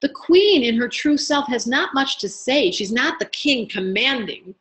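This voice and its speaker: Middle-aged woman running an online astrology class, kinda high voice, lively and chatty with students. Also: measured pace, rough recording. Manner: animated, addresses students by name. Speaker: astrology teacher. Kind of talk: live online workshop teaching. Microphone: webinar computer mic.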